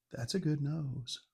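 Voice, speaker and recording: A man's voice: fairly high pitch, vocal fry, fairly bright tone, breathy edge. A middle-aged man giving a casual, rambling and irreverent whiskey tasting review, poking fun at himself. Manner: rambling, irreverent, self-mocking.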